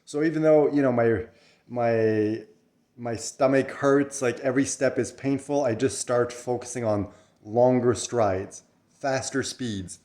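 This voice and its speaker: A man's voice: medium pitch, measured pace, a little mellow. A man talking earnestly and reflectively in a personal vlog, coughing now and then after a run and swearing casually. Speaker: vlogger.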